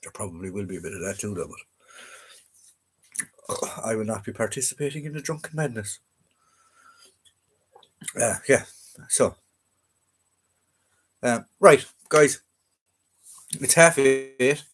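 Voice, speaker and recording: A man's voice: medium pitch, expressive, a little slow, long pauses, fairly bright tone, slight background noise. A man with an Irish accent hosting a casual live-stream chat, rambling and easygoing with plenty of fillers and restarts. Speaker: livestream host.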